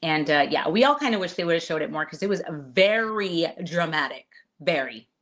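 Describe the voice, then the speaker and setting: A woman guest on an interview, telling a story in a casual, animated way, acting out quotes and cursing. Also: deep voice, normal speed. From Latina. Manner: animated, swearing, acts out quotes loudly. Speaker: reality show contestant guest.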